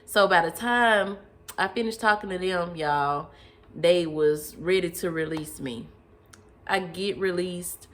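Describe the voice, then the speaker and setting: A young woman casually telling a personal testimony, addressing listeners as y'all and acting out what she and others said. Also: mid-range voice. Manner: animated, addresses listeners as y'all, acts out her own quotes. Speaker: storyteller sharing personal testimony. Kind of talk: casual personal storytelling to viewers.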